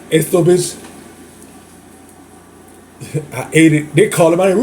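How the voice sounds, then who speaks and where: A man's voice: on the high side, expressive, measured pace, gravelly, long pauses, darkish tone, slight background noise. A man with a New Orleans accent telling a candid storytime monologue, flamboyant and chatty, laughing often and calling his listeners "girl". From Louisiana. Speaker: host.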